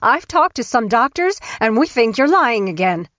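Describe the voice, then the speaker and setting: A woman's voice: on the high side, very animated, moderate pace, fairly bright tone, no echo, pitched above the performer's own voice. A woman voicing a blunt, suspicious grandmother. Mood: confronting. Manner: blunt, pressing questions. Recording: dull, dry studio recording.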